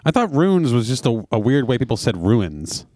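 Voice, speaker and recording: A man on a podcast throwing in quick sarcastic jokes during casual chat. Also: medium pitch, big pitch swings, a little mellow, no room sound, studio quality. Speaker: podcast co-host.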